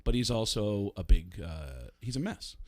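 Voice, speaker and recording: A man from the Bronx, a comedian and voice actor, telling stories as a radio guest in a lively way, slipping into voices. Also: lowish voice, measured pace. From the Bronx, New York. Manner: animated storyteller, slips into voices. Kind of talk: casual radio interview storytelling.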